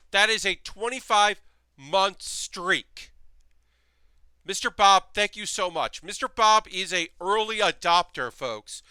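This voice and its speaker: A man's voice: sits high, bright, forceful tone, clear, resonant tone, dry recording. A man hosting a live stream in casual, rambling chat, reading messages from his chat aloud as he builds model kits.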